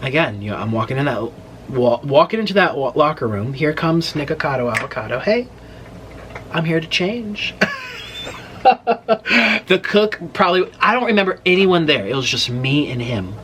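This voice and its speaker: A man in his late twenties chatting to camera as a mukbang host, telling a story in an animated, rambling way and breaking off mid-sentence. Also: mid-range voice, normal speed, slight background noise. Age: late 20s. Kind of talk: casual storytelling chat to camera.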